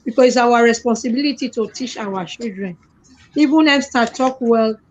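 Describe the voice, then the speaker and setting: A woman's voice: a little high, normal speed, darkish tone. A woman hosting a casual live-stream chat, thanking callers and reading out viewer comments. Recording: dull lo-fi stream audio with faint noise.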